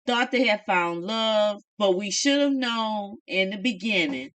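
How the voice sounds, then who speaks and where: A woman's voice: medium pitch, lively intonation, takes it slowly, fairly bright tone. A middle-aged woman casually chatting through a reality show review in a folksy, opinionated way.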